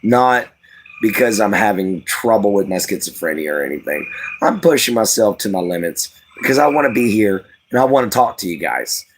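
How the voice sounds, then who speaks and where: Short on sleep, a Louisiana live-stream host with a light Cajun accent chats in a casual, folksy way, wandering off on tangents and using lots of fillers. He talks at a moderate pace in a fairly low voice with lively intonation, over slight background noise.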